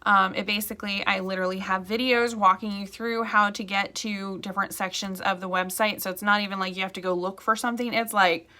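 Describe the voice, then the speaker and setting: A woman's voice: medium pitch, fairly even intonation, a little fast, hardly any pauses, pushed and bright. A woman real estate agent talking casually to camera, chatty and rambling, with frequent asides.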